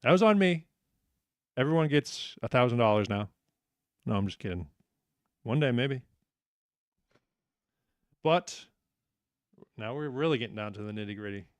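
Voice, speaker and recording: A man's voice: medium pitch, lively intonation, moderate pace, long pauses, clear, resonant tone, dry recording. A man hosting a live trivia night, upbeat and joking, reading out questions and answers and teasing the players. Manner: upbeat, joking, self-deprecating.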